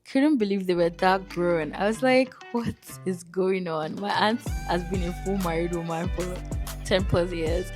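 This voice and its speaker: A woman from Nigeria, narrating a travel vlog as an animated, chatty storyteller. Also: fairly low pitch, unhurried, over music. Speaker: vlogger.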